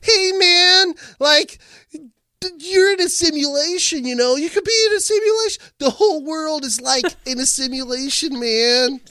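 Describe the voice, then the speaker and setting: A man putting on the voice of a spacey, excitable hippie who drawls dreamily. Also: very high voice, normal speed, dry recording, studio quality, pitched above the performer's own voice. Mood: awed.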